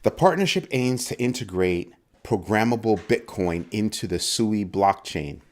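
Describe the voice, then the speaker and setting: A man's voice: on the low side, expressive, unhurried, a little mellow. A man hosting a casual crypto livestream, greeting viewers in chat by name and teasing them playfully. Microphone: desk microphone.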